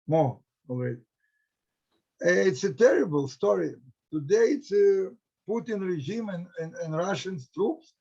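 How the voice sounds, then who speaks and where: A middle-aged man with a Ukrainian accent speaks halting English, with many restarts, as a historian talking to students. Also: high-pitched, creaky. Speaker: historian, research center director. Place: home in a war-hit city. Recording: dull lo-fi audio.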